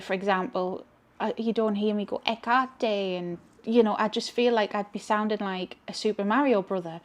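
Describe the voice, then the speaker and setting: A chatty woman with a broad Geordie accent talks to her camera as a tarot reader. She rambles freely and speaks her mind plainly. Her pitch sits in an ordinary middle range for a woman. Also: darkish tone. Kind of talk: casual chat to camera.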